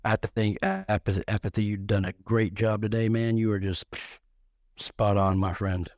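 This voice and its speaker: A man's voice: fairly low pitch, expressive, moderate pace, a little mellow, no echo, highs cut off. A middle-aged man telling crude, joking stories on a live talk show, rambling along with many restarts and repeated words.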